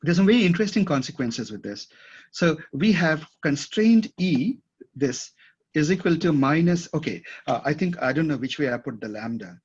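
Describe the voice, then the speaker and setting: A man's voice: a little high, animated, normal speed, husky. A man teaching a class at a whiteboard, thinking aloud and often checking that his students follow. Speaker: instructor. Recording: dull lo-fi classroom recording.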